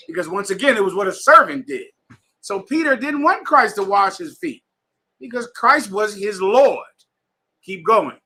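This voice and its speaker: A man's voice: high-pitched, animated, normal speed, bright, forceful tone, husky. A man teaching a bible class to students in a room, emphatic and slangy, telling readers to keep going. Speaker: scripture class instructor.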